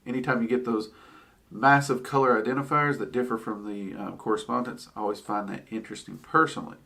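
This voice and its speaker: A man's voice: medium pitch, vocal fry, bright, forceful tone. A man teaching about occult spirits in a casual, chatty way, with frequent ums and wry asides. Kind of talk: casual explanatory talk.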